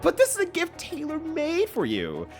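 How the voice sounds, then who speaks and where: A man's voice: very high voice, wildly swooping pitch, normal speed, soft background music, voice pushed up, full character voice. Man hamming up a gloating sadistic villain. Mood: taunting. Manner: mocking, sing-song menace. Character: gleeful sadistic male villain taunting his enemy.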